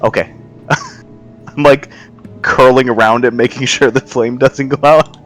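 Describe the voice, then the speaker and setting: A man playing a tabletop game who talks casually and hesitantly at a middle pitch. Soft music plays behind him. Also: fairly even intonation, a little slow, pauses often. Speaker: player. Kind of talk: casual chat.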